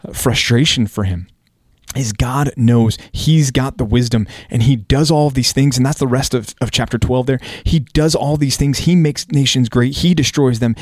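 A man's voice: medium pitch, moderate pace, dry recording. Earnest man teaching scripture, dry sound. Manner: earnest, conversational, acts out quotes. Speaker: podcast host teaching scripture. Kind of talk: casual Bible study discussion.

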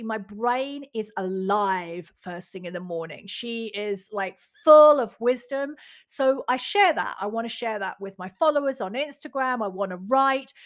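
Candid woman, slightly high voice. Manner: candid, chatty, swears casually, acts out inner voices. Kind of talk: personal reflective monologue.

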